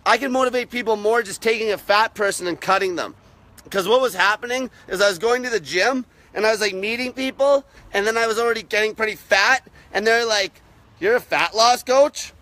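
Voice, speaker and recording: A man's voice: sits high, a little fast, bright, forceful tone. A young man ranting to camera about dieting, blunt and aggressive, swearing constantly. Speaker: diet channel host. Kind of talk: profane rant to camera.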